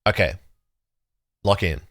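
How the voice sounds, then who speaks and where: A man hosting a livestream, chatting casually with his viewers in a rambling, excitable way and swearing freely. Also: slow, no room sound, studio quality. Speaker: livestream host. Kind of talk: casual chat reacting to chat.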